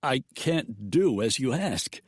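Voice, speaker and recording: A man's voice: mid-range voice, very animated, slow pace, slightly rough, no room sound, voice pushed up, full character voice. Scared banker, raised and pleading, dry close read, a male narrator doing the voice. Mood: nervous. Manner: pleading, nervous. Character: cowed, frightened male banker.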